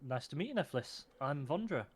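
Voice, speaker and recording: A man playing Vondra, a curious young woman adventurer, speaking politely with hesitant pauses. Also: on the high side, very animated, breathy edge.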